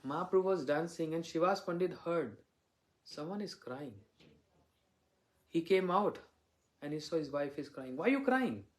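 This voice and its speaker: Man, monk giving a storytelling devotional lecture; voice sits a touch high. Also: normal speed, long pauses. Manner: storytelling, asks listeners rhetorical questions. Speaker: visiting monk preacher.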